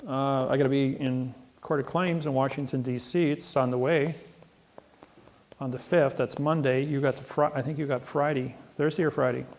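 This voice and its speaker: Gravelly boastful guy rambling thru seminar stories, repeats himself a lot. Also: mid-range voice, steady tone, moderate pace, a little mellow, slight background noise. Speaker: seminar speaker. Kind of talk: seminar talk, storytelling to an audience. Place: seminar room.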